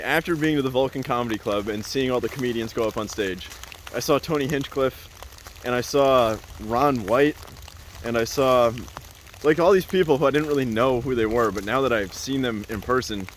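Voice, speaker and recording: A man at an ordinary pitch tells a loose, rambling story in a casual vlog. He keeps reaching for "like" and "uh" and laughs often as he talks. A faint hum of noise sits behind him. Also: brisk. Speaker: vlogger.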